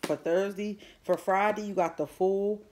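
A woman's voice: mid-range voice, steady tone, unhurried, a little mellow, a little hiss or hum. A woman doing a chatty, informal tarot reading, repeating her questions as she goes. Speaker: tarot reader.

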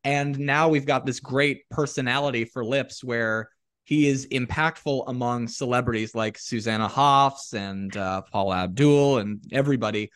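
A man's voice: medium pitch, normal speed, fairly bright tone, clear, resonant tone, no room sound. Man hosting with a dry sound. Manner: long, winding questions with fillers. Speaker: podcast host. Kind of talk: casual interview talk.

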